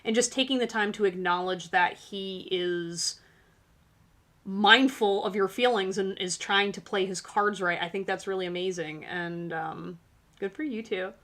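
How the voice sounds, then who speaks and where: Woman, tarot reader host, chatty and encouraging, bright voice. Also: mid-range voice, unhurried. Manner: chatty, filler-heavy, encouraging. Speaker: tarot reader hosting a live stream. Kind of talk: casual live-stream tarot reading.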